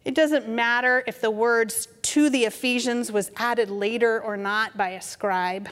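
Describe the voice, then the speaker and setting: Gentle middle-aged woman preaching. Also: on the high side, fairly even intonation. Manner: gentle, conversational, unhurried. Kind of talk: storytelling sermon. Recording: reverberant hall.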